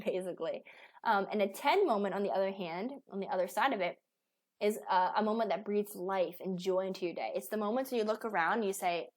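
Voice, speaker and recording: A weight loss coach in her thirties gives a casual motivational talk, her medium-pitched voice moving briskly. She's chatty, filling her speech with fillers and restarts.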